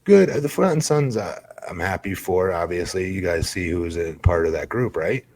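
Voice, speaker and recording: A man with a very low, breathy-edged voice chats as a podcast guest. He tells his stories in a laid-back way, stretching out his phrases. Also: expressive, moderate pace, a little mellow. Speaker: podcast guest, former wrestler. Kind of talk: casual podcast chat.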